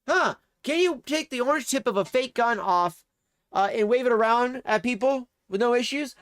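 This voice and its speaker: A man's voice: extremely high pitch, expressive, moderate pace, fairly bright tone, clear, resonant tone, no echo. Angry streamer guy cussing nonstop, sarcastic rant, dead dry mic. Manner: profane, ranting, sarcastic. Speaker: livestreamer. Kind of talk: angry livestream commentary. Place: home streaming setup.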